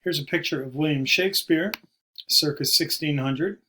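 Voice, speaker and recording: Measured, slightly high male lecturer. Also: pushed and bright, a little hiss or hum. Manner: measured, explanatory, slows to stress terms. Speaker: poetry teacher. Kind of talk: recorded video lecture.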